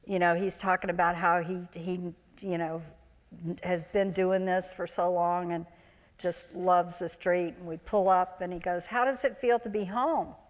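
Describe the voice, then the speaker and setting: A woman's voice: fairly low pitch, little pitch movement, a little slow. A woman in her sixties, a former child actor, telling chatty anecdotes on stage at a live interview, acting out the voices she quotes. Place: large auditorium, live event. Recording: live hall with long reverb.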